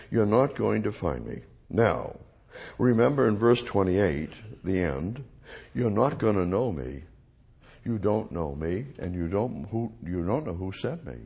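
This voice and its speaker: Male Bible teacher, gravelly and unhurried; reads a verse, then repeats it in plain words. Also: on the low side, animated, darkish tone.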